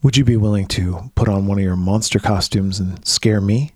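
A man voicing a creepy middle-aged uncle who questions a boy in a soft, prying, overly friendly way, read aloud as a film scene. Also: on the low side, moderate pace, husky, no room sound, studio quality, pitched below the performer's own voice. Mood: coaxing.

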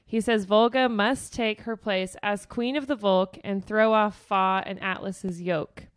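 A woman co-hosting a podcast, recapping book chapters in casual chat, animated and swearing freely as she acts out characters' lines. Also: medium pitch, a little slow, clean tone, no room sound, studio quality. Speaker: podcast co-host.

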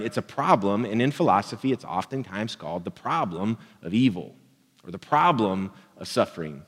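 A man's voice: lowish voice, expressive, normal speed, breathy edge, in a large hall. A man preaching a sermon as a pastor, in an easygoing, conversational way with light jokes.

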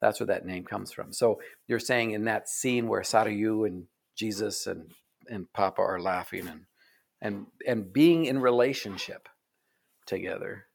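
Low gravelly guy, soft earnest author talk, voice drops off at the ends. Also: measured pace. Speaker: author guest. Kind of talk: reflective conversation. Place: Oregon.

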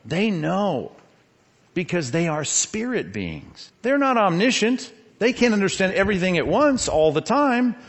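Middle-aged male pastor, lively sermon delivery, slightly higher voice, asks the crowd questions. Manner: animated preaching, rhetorical questions.

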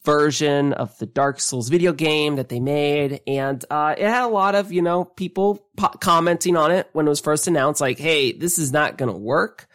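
Chatty animated man hosting a podcast. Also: a little high, normal speed, few pauses, clean tone. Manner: animated, chatty, trails off and restarts. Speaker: podcast co-host. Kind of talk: casual podcast chat.

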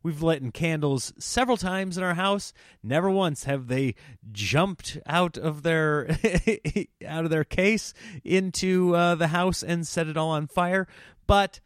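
Animated man telling stories on a podcast. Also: a little high, takes it slowly, no echo, studio quality. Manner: animated storytelling, jumps into exaggerated voices for quoted people. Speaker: comedian podcast host. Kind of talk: casual solo podcast chat.

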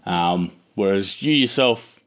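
A man's voice: sits low, expressive, slow pace. A man from Queensland with a broad Australian accent, hosting a casual podcast interview in an easygoing, chatty way. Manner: easygoing, chatty, uses "reckon". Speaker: podcast host.

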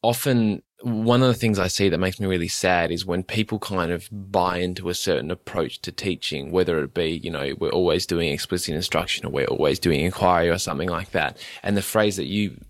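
Deep-voiced man hosting a teaching chat. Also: brisk, hardly any pauses, no room sound, studio quality. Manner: enthusiastic, thoughtful, long winding sentences. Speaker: podcast host, teacher. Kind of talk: casual interview chat.

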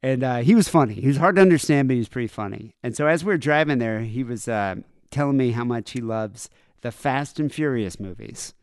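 A man's voice: mid-range voice, fairly quick, smooth, no room sound, studio quality. A man co-hosting a podcast, telling a story in casual chat and acting out both sides of a conversation. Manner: animated retelling, acts out both sides of a conversation. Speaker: podcast co-host.

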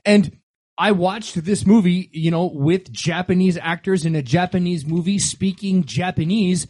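A man's voice: high voice, measured pace, darkish tone, slightly rough, dry recording. A man hosting a podcast in casual chat, cracking dad jokes and laughing at his own puns. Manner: joking, tells dad jokes and laughs at them. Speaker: podcast host.

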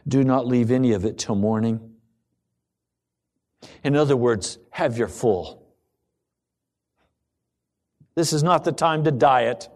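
Slow, dramatic male preacher. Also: medium pitch. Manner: dramatic, swings between ringing emphasis and hushed near-whisper. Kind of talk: sermon.

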